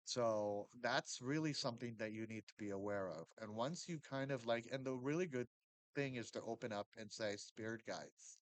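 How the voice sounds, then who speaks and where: A man talks to his camera in a loose, rambling vlog, circling back and restarting his thoughts. His voice sits at a middle pitch and jumps between loud bursts and near-whispers. The sound is dry and close, with no room around it. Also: moderate pace, no room sound, low-quality recording. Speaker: vlogger. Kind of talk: casual spiritual talk to camera.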